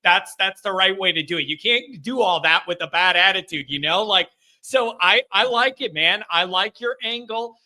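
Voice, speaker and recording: A man's voice: high voice, animated, moderate pace, hardly any pauses, sharp tone. A man hosting a call-in show, chatting casually and frankly, often saying "man".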